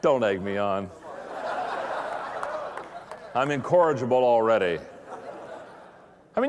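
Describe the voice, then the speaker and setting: A man's voice: medium pitch, huge pitch swings, moderate pace, pauses often, dull audio, slight background noise. A middle-aged man giving a humorous motivational talk to pastors, joking and playfully acting out other voices before an audience in a large hall. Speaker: leadership speaker addressing pastors. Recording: long reverb of a large hall.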